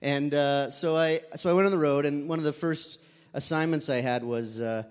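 A man with a somewhat high voice tells a true story from a stage, chatty and loose with plenty of fillers. His voice rings with the long reverb of a hall. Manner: conversational, with fillers and animated quoted voices. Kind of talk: live personal storytelling.

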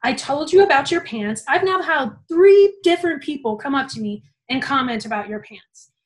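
A woman voicing a stern female clinic supervisor who scolds with exasperation, high and pushed. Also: lively intonation, a little fast. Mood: scolding. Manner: exasperated, repeating herself.

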